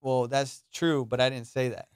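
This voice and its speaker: A man hosting a comedy podcast, telling stories in a profane, animated way. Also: mid-range voice, moderate pace, smooth, no echo, studio quality. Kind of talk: casual podcast chat.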